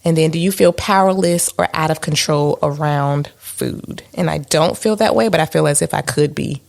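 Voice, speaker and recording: A woman's voice: low voice, normal speed, creaky, darkish tone. A woman co-hosting a podcast in a casual chat, candid and self-mocking, with many fillers. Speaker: podcast co-host.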